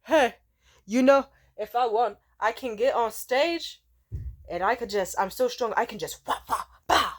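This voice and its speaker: A woman voicing a loud, drunk, boastful man heckling a comedian, full of brash bravado. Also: very high-pitched, animated, unhurried, voice pushed up, heavily acted.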